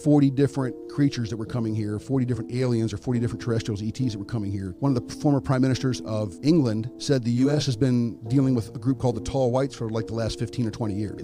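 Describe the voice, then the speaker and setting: A man in casual chat, telling a story loosely with fillers like "you know" and "I mean". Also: mid-range voice.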